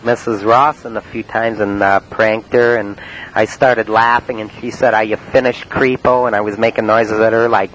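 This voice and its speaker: Male monologue; deadpan recounting, frequent fillers, slightly low voice. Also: a little hiss or hum, poor audio. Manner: halting, full of uh and um. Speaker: storyteller recounting his prank calls. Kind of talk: spoken-word cassette monologue.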